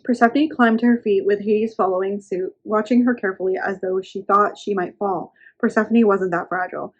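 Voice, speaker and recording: A woman's voice: mid-range voice, fairly quick, few pauses, highs cut off. A young woman reviewing a book, chatting casually and reading passages aloud. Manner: chatty recap, filler "like", reading passages in a calm voice.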